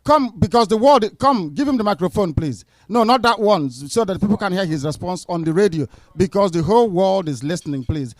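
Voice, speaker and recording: A man's voice: sits high, lively intonation, fairly quick, few pauses, dry recording. Firm, insistent man leading a debate. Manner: firm, insistent, repeats short phrases. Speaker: movement leader addressing a town hall. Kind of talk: public town hall debate.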